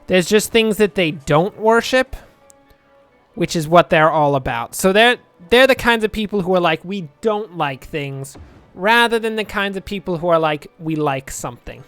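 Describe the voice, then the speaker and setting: A man's voice: high-pitched, normal speed, fairly bright tone, clear, resonant tone, dry recording, soft background music. A young man casually commentating his gameplay, rambling and joking, muttering asides to himself at a home desk microphone. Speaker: let's play host.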